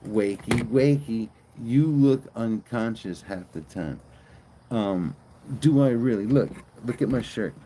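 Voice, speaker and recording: A man's voice: mid-range voice, lively intonation, unhurried, dark tone, a little hiss or hum. A man streaming live, rambling and joking in casual chat and swearing freely.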